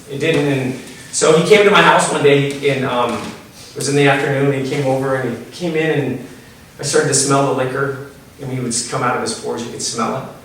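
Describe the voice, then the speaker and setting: A male storyteller speaks to an audience in a loose, halting way with many restarts. His voice sits at a middle pitch and comes from well back from the mic. The hall around him is very reverberant, with a faint hiss. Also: a bit bright. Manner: conversational, many fillers and restarts. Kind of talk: personal storytelling talk. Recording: echoey hall from far off.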